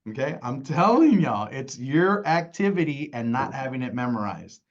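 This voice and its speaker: A man's voice: medium pitch, big pitch swings, moderate pace, muffled recording. A man leading a sales training, speaking emphatically and often asking "right?" to his listeners. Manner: emphatic, repeats "right?" and "y'all". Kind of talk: insurance sales training talk.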